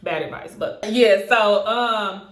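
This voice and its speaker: A young woman telling a casual storytime, animated, swearing freely and acting out what people said with big jumps in pitch. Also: slow pace. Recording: echoey room.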